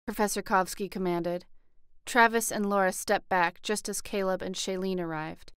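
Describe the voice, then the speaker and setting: A woman narrating a first-person audiobook with a close studio mic, acting out the dialogue by shifting her pitch and loudness. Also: steady tone, moderate pace, clear, resonant tone, no echo.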